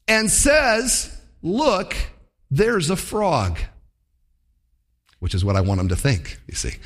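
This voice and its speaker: A man preaching a sermon, telling stories and acting out what the characters think, swinging his voice high and low. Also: a bit bright. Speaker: pastor. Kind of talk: sermon with storytelling.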